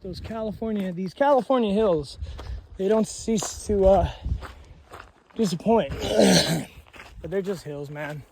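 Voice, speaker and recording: Out on a hiking trail, a young long-distance hiker films a casual vlog of his day, full of slang and swearing as he rants about other hikers. His voice sits high and sounds creaky and darkish, moving slowly with frequent pauses, and there's a little hiss or hum in the background.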